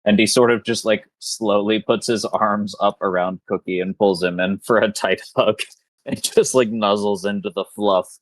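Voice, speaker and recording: A man playing a tabletop game, describing his character in a halting, rambling way. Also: fairly low pitch, fairly even intonation, dry recording. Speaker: player.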